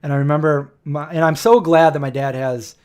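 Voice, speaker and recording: Slightly high-voiced man telling stories. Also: fairly even intonation, brisk, a little mellow, clear, resonant tone. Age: 40s. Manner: anecdotal, acts out quoted dialogue. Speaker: live stream host. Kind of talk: rambling live stream chat.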